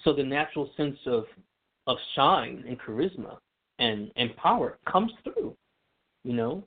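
A man's voice: mid-range voice, lively intonation, unhurried. A man explaining astrology in casual radio talk, chatty, with many fillers and restarts. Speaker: astrology guest. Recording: tinny phone line.

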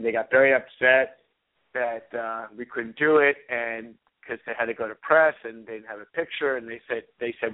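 A man guest telling a long story in halting speech full of fillers and soft chuckles. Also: mid-range voice, fairly even intonation. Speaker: guest photographer. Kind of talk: anecdote telling on radio call-in. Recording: tinny phone line.

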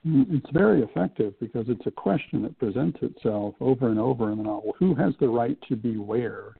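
A male radio host asking measured, careful questions with small "uh" fillers. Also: medium pitch, lively intonation, gravelly, breathy edge. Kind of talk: radio interview. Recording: dry phone-like narrow band.

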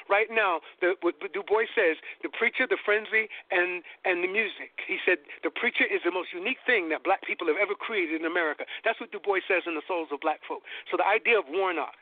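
A man's voice: high-pitched, no echo. A man giving an impassioned guest lecture, preacher-like and building to emphatic peaks, heard over a tinny phone-line connection.

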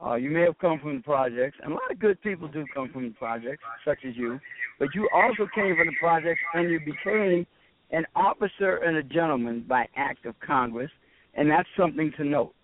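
A man calling in to a radio talk show as a regular, speaking sarcastically after a few halting starts. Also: on the high side, animated, background noise. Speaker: regular caller. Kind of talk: call-in radio commentary. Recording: dry, tinny phone line.

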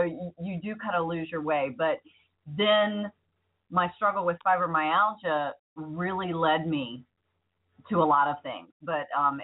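Candid mother on a tinny line. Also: low-pitched. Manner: candid, reflective, personal storytelling. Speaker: radio talk show co-host. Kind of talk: casual chat.

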